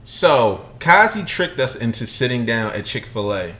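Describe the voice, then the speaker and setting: A man in his thirties co-hosting a sneaker podcast, telling stories in casual, profane chat and acting out loud quotes. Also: mid-range voice, a little slow. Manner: animated, profane storytelling with loud acted-out quotes. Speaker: podcast co-host.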